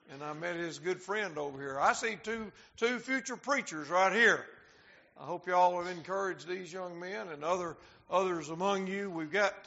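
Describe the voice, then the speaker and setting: High, bright-voiced man preaching a sermon. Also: vocal fry. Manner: slows down to stress key words; talks directly to the congregation. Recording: dull lo-fi sound.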